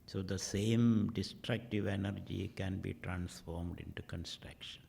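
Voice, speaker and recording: A middle-aged man leading a guided meditation, speaking in slow, measured phrases that trail off into whispers. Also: sits low, fairly even intonation, vocal fry, mellow, a little hiss or hum. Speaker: meditation teacher.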